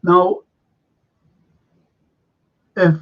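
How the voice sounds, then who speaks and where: An older man hosting a casual livestream, rambling with many fillers and repeating himself as he reads the chat. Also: very slow. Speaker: livestream host reading chat. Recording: dull lo-fi stream audio.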